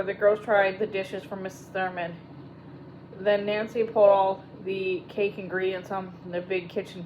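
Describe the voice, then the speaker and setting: A woman narrating an audiobook in a steady, even reading voice. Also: medium pitch, dull audio, slight background noise. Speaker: audiobook reader. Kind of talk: storybook narration.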